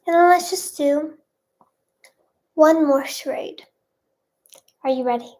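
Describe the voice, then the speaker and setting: Young woman, high voice, bubbly, rambling, casual live-stream chat. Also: takes it slowly, darkish tone.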